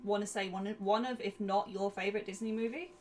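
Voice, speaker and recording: A woman co-hosting a podcast in casual chat, lively and quick to laugh. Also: medium pitch. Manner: lively, chatty, laughs often. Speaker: podcast co-host. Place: home. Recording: faint background noise.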